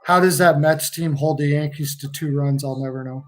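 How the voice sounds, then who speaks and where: A man's voice: a little high, steady tone, moderate pace. A young man hosting a casual live hockey chat, rambling and reading out viewer comments. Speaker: podcast host.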